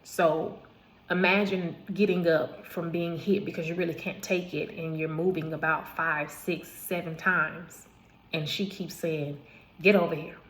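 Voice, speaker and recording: A woman telling a personal story in a casual, emphatic way. She repeats phrases for weight, corrects herself and adds asides. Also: lowish voice. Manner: repetitive, emphatic retelling with asides and restarts. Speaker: vlogger telling her own life story.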